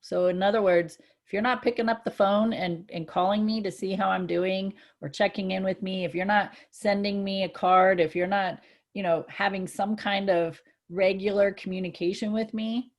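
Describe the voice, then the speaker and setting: A woman co-hosting a casual spiritual chat, earnest and reflective, growing excited when she gives examples. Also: medium pitch, moderate pace. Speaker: co-host.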